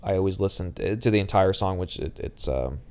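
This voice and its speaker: A man co-hosting a podcast, speaking in a halting, intense way with frequent restarts. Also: low voice, lively intonation, darkish tone. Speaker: podcast co-host. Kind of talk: casual podcast discussion.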